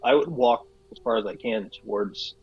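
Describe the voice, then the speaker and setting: A man's voice: mid-range voice, normal speed, husky, highs cut off, soft background music. A man playing a tabletop game, asking earnest questions. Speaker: player.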